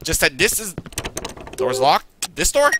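A man giving chatty gameplay commentary, joking back at the game and yelling in panicked bursts when he is attacked. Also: a little high, big pitch swings, measured pace, noisy background. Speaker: let's play gamer.

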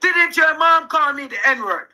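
A man's voice: extremely high pitch, expressive, unhurried, sharp tone, poor audio. A young man with a Jamaican accent, arguing heatedly on a live stream, insistent and talking over the other person, repeating himself.

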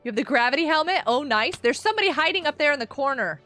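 Bright, excitable streamer woman. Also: high voice, fast talker, faint music behind. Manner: excitable, gasping and exclaiming, talking to chat. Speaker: gaming streamer. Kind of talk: live gameplay commentary chatting with viewers.

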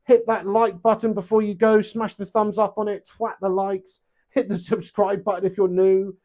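A young man chatting casually on a live stream, rambling, swearing freely and getting animated. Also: sits high, moderate pace.

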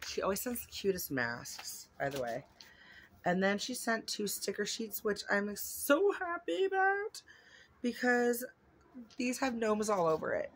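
A woman's voice: mid-range voice, expressive, moderate pace, breathy edge. A woman vlogger chatting casually while unboxing gifts at home, rambling and gushing with lots of fillers.

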